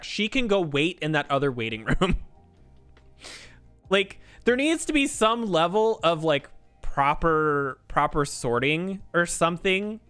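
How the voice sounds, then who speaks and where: Bright, animated ranting man streamer. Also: fairly high pitch. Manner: ranting, swears a lot. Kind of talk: casual storytelling on a game stream.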